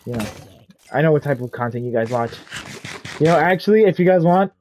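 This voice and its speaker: A man's voice: on the high side, expressive, fairly quick, darkish tone, slight background noise. A young man telling a rambling, profane, self-deprecating story casually while playing a game. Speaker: gaming YouTuber. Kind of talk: casual storytime over gameplay.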